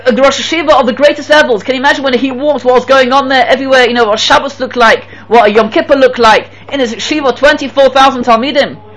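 The yeshiva teacher here has a very high, somewhat bright voice, captured on a low-quality recording. Giving a Torah lecture, he is emphatic, repeats key phrases, and asks the class rhetorical questions.

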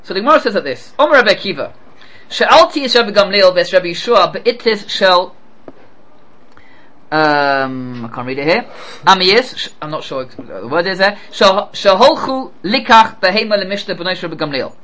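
Animated man teaching a Talmud lesson. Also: moderate pace, poor audio. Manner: animated, rising pitch on questions and quotes. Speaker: Torah teacher.

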